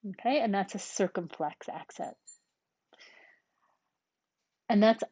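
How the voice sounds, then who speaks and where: A woman talks through a language lesson at an unhurried pace. She explains patiently, one step at a time, and pauses on frequent ums. Her voice sits at a middle pitch and is recorded close and dry. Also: dark tone, breathy edge, dry recording. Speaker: language teacher. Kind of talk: relaxed classroom explanation.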